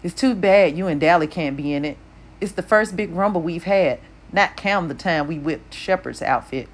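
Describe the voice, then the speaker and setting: A woman's voice: on the low side, moderate pace, lightly acted. Woman voicing an earnest teenage boy. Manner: urgent, forcing cheer. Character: anxious teenage boy, the narrator, talking to a friend.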